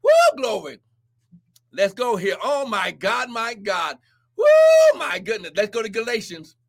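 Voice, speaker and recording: A male preacher delivering a fiery sermon and prophecy, shouting, whooping, and calling out "listen" and "glory" again and again. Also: high voice, moderate pace, vocal fry.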